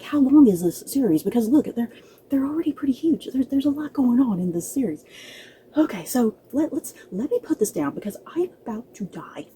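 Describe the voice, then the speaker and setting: Breathless, chatty woman with a mellow voice. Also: on the high side, slight background noise, low-quality recording. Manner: chatty, laughing, stumbling restarts. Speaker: book vlogger. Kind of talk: casual chat to camera.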